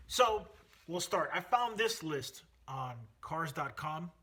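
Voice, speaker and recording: A man hosting a car channel in a loose, chatty way, stumbling through fillers and restarts. His voice sits a little high and sounds bright and forceful. It has a husky grain to it. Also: slow pace. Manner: energetic, chatty, many fillers and self-corrections. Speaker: car channel host, automotive technician. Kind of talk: casual talk to camera.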